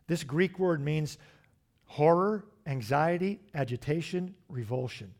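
A man, middle-aged, preaching a sermon, swinging from loud emphatic lines to hushed, drawn-out asides. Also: on the high side, sing-song. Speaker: pastor.

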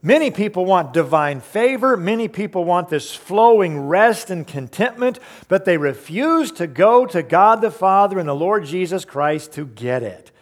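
A man's voice: high voice, lively intonation, moderate pace, few pauses. A man preaching a sermon, emphatic, asking the congregation rhetorical questions and explaining verses. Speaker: pastor.

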